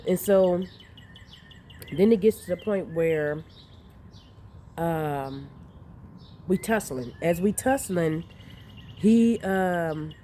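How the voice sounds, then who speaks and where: A woman with a slightly low, mellow voice tells a story casually outdoors. She talks in an animated way, swears freely and laughs often. Faint rain and outdoor sounds are heard in the background. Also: extremely slow, pauses often, slight background noise. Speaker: vlogger recounting dreams. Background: rain and outdoor ambience.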